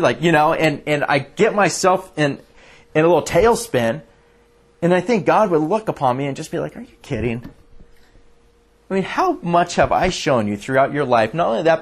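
A man's voice: fairly high pitch, husky. A man preaching a sermon as a pastor, telling stories earnestly and often restarting his sentences. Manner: earnest, animated storytelling with frequent restarts.

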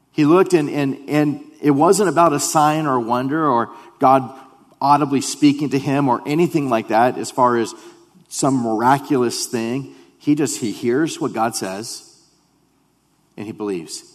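A man preaching a sermon in an earnest way, repeating himself and dropping to a hush when he voices quoted prayers. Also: medium pitch. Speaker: pastor. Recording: long hall reverb.

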